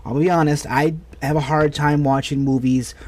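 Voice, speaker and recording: A man's voice: fairly high pitch, steady tone, moderate pace, darkish tone. An American man in his thirties, co-hosting a podcast in a rambling, enthusiastic casual chat full of restarts. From United States. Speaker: podcast co-host.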